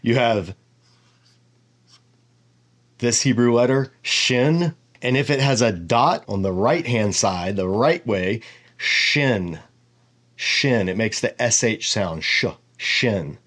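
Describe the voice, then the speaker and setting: A man giving a relaxed lesson, explaining each letter while thinking aloud. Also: medium pitch, takes it slowly, pauses often. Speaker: teacher. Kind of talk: casual whiteboard lesson.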